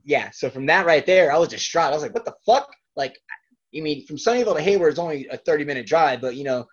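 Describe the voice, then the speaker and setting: A man's voice: a little high, quick pace, muffled recording. A man, a professional wrestler, telling stories from his career in a casual interview, swearing freely and laughing at himself. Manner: profane, self-deprecating, laughs often.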